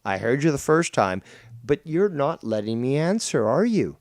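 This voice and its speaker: Male streamer, mocking and combative, lively swooping delivery, dry close sound. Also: medium pitch, normal speed, dry recording. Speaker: streamer reacting to a clip. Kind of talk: casual stream commentary.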